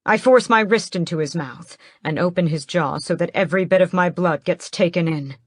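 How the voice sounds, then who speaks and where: A woman narrating a first-person fantasy audiobook in a measured, steady way, close to the mic. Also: on the low side, no echo.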